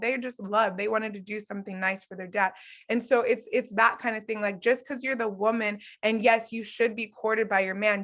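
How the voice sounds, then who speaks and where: A woman's voice: mid-range voice, a bit bright. A woman in her thirties giving an earnest, conversational faith and marriage talk to her followers, often acting out quoted lines. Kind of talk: casual teaching talk to followers.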